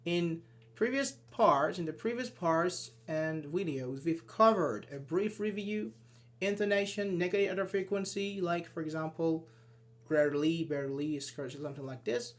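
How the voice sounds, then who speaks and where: A man giving an online English grammar lesson, explaining step by step and acting out short sample dialogues. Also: moderate pace. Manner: explains with many "for example"s and acted-out sample dialogues; lively, switches pitch when voicing example sentences. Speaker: English teacher.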